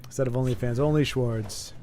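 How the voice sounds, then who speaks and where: A man's voice: mid-range voice, a little fast, warm tone, soft background music. A man hosting a card game stream, chatting casually with rambling, self-deprecating jokes. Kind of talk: casual chat while gaming.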